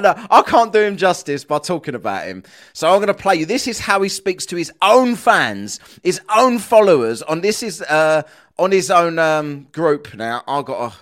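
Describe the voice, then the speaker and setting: A man, hosting a podcast and ranting in casual commentary, swearing and animated. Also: on the high side. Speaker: podcast host.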